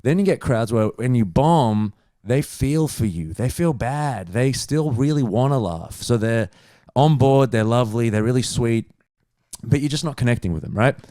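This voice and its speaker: A young man, a stand-up comedian, telling a story in casual chat, animated and swearing freely. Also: medium pitch, normal speed, no room sound, clean studio sound. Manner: animated, swears freely, acts out other people's lines.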